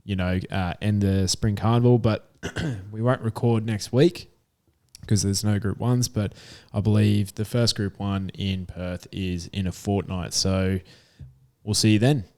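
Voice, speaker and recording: Brief: man, podcast co-host, casual and joking, fairly low, clean smooth tone. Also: steady tone, unhurried, a little mellow. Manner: laid-back, jokey, slangy. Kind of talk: casual racing podcast chat. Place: room at home.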